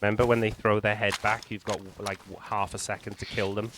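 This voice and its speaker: A man hosting a gaming channel, calmly talking the viewer through a survival game, explaining tactics with small restarts. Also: lowish voice, fairly quick, heavy background noise. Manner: calm, explanatory, hedging with restarts. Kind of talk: gameplay walkthrough commentary.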